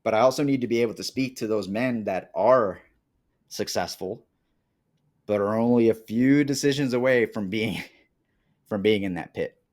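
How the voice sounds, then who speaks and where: A man from Colombia with a fairly low voice talks through his past as a podcast guest. He is animated and slips into the voices of people he quotes. The tone is casual and conversational. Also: normal speed. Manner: animated, acts out quoted dialogue. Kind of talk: casual interview storytelling.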